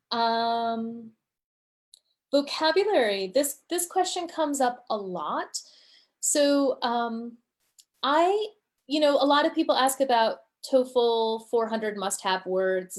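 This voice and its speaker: A woman test-prep teacher answers questions in a casual live session. She talks at a slow, unhurried pace in a mid-range voice. Her explanations wander through fillers and restarts. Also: medium pitch. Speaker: TOEFL teacher.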